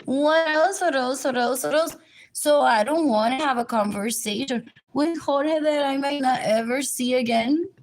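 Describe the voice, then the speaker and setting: A woman's voice: high-pitched, a little slow. A woman rambling through a livestream monologue, drifting between topics and repeating herself.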